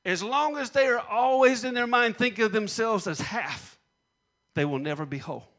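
A man's voice: high-pitched, moderate pace, fairly bright tone. A man preaching a sermon, repeating punchlines and leading call-and-response with the congregation. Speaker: pastor.

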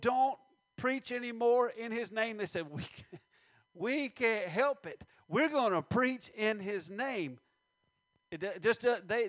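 A man preaching a sermon, reading scripture slowly and stressing words, with many questions to the congregation. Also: high-pitched, no echo.

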